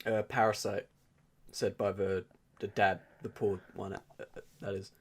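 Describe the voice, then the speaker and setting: A man co-hosting a podcast, chatting casually and quoting favorite lines and memes in lively bursts. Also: fairly low pitch, unhurried, slightly rough. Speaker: podcast co-host. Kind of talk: casual chat.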